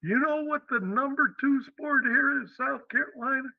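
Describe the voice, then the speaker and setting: A man voicing a football-obsessed male athletic director with a Southern drawl, pitched high and pointed. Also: normal speed, gravelly, no echo, phone-quality sound. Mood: blustery.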